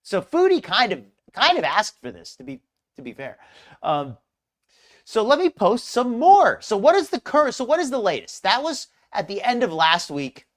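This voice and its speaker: Chatty live-stream host with lively pitch. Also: normal speed. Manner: rambling, chatty, greets chat viewers by name, frequent restarts. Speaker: host of a live commentary show. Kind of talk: casual live-stream commentary.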